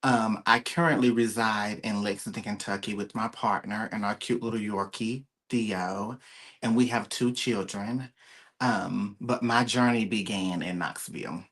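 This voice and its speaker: A woman's voice: a bass voice, steady tone, measured pace. Bubbly emotional woman in her thirties. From Tennessee, USA. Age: 30s. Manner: emotional, bubbly, laughs often. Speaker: pageant titleholder guest. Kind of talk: interview conversation.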